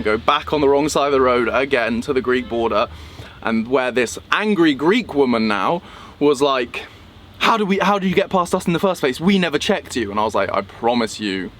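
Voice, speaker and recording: A young man from England recounting a travel mishap in a vlog, animated and acting out the people he met. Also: medium pitch. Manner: animated retelling, acting out quoted voices. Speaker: vlogger. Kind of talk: storytelling vlog.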